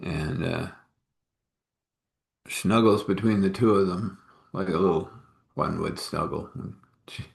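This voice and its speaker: A man's voice: low voice, measured pace, gravelly, pauses often. A man telling a long story in a casual, rambling, homespun way, with many fillers. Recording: echoey room.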